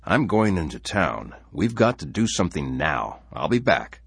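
A man's voice: deep voice, very animated, normal speed, gravelly, breathy edge, no echo, clean studio sound, voice pushed up, full character voice. Man playing a frightened, frantic settler. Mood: alarmed. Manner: urgent, pleading. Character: anxious male settler, frantic and fearful.

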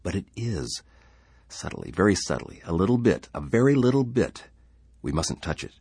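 A man's voice: deep voice, sing-song, normal speed, a little mellow, slightly rough, no room sound, clean studio sound, voice pushed up, heavily acted. A man voicing a frightened settler who talks urgently and pleads with others. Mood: alarmed. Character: anxious male settler, frantic and fearful.

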